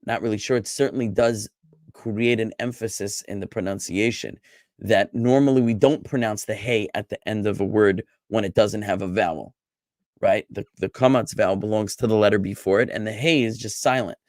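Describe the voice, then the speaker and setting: A rabbi teaching a Hebrew class over a video call, lively and chatty, joking with his students. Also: lowish voice, normal speed, dry recording, clean studio sound. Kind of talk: online class lecture.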